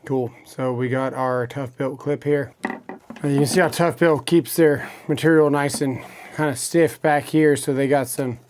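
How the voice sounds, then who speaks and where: A man's voice: medium pitch, darkish tone, a little hiss or hum. Casual man demoing tools, a bit winded. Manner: casual, talks while working with hands. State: out of breath. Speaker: electrician tool reviewer. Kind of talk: casual tool demo. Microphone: small wireless clip mic.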